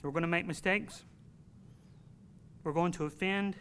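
A man's voice: high-pitched, fairly even intonation, unhurried, a bit bright, slight background noise. A man preaching a sermon to his congregation in an earnest, emphatic way, telling a personal story.

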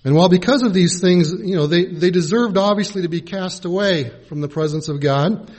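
A man preaching a sermon in a measured, teaching way, pausing to spell out original-language words. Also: sits high, a little mellow, breathy edge. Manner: measured, spells out Greek and Hebrew words letter by letter.

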